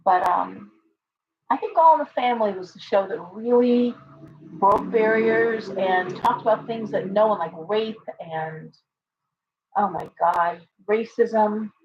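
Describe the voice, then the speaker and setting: A woman's voice: medium pitch, a little slow, lo-fi sound, slight background noise. A woman hosting a casual live stream as a tarot reader, talking earnestly and rambling with many fillers and restarts while reading viewer comments aloud. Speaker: livestream host and tarot reader.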